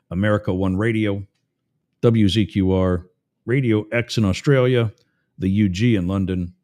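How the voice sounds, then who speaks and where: A man hosting a talk radio show, ranting with sarcasm and telling jokes in an animated way. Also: low-pitched. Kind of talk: talk radio monologue with a live-read ad.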